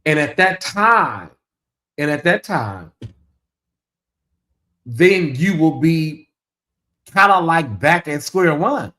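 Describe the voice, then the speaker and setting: A man's voice: fairly high pitch, expressive, takes it slowly, long pauses, sharp tone. A man giving casual livestream commentary, dramatic and teasing, talking straight to his chat.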